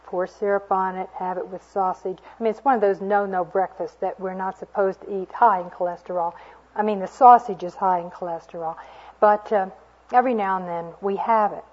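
A woman's voice: medium pitch, a little mellow. A woman giving an earnest, storytelling sermon to a women's gathering, with homely asides. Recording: dull lo-fi recording.

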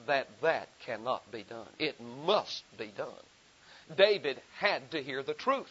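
A male preacher delivering a sermon in a somewhat high voice. He stacks repeated phrases for emphasis and slows down to read scripture with weight. The recording sounds dull and lo-fi. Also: fairly bright tone, slightly rough. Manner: rhetorical repetition, emphatic rising delivery; slow deliberate reading of scripture.

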